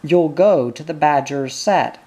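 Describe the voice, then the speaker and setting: A slow-paced reader voicing a boy who is earnest, worried, and urgent in an audiobook. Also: mid-range voice, dark tone, natural voice. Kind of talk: audiobook character reading.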